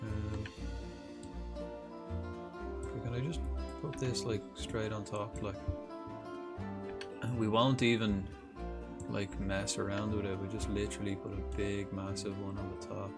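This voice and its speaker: A young man with an Irish accent talks his way through a game build on a live stream, his voice sitting a little low. He rambles and swears freely, breaks off and restarts his sentences, and laughs at his own jokes, with music playing clearly behind him. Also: flat delivery, measured pace, long pauses. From Republic of Ireland. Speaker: livestreamer.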